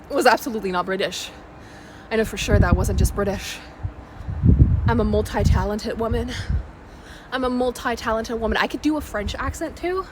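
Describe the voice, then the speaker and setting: A woman's voice: on the high side, normal speed, pauses often. A woman YouTuber giving a playful, emphatic motivational talk on an outdoor balcony. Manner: energetic, playful, emphatic repetition. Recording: noisy outdoor ambience with traffic.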